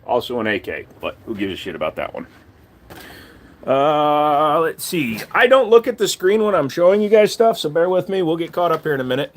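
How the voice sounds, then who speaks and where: A man's voice: a little high, very animated, moderate pace, a little hiss or hum. A man hosting a casual live stream, joking crudely and swearing as he shows off his collection and talks to chat.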